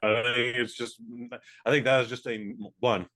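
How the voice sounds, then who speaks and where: Rambling, blunt podcast host. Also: male voice, mid-range voice, fairly even intonation, moderate pace, a bit bright. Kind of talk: casual comedic chat.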